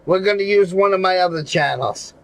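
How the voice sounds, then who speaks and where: This regular show panelist speaks fairly quickly in a high voice on a dry, low-quality recording during a casual livestream. Profane and rambling, he keeps returning to the same point and laughs between phrases.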